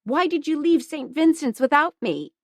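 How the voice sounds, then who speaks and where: Pia is an anxious young woman, raising her voice high and urgent in a dry audiobook read, as a woman narrator plays her. She sounds breathless and emotional. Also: very animated, moderate pace, dry recording. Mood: agitated.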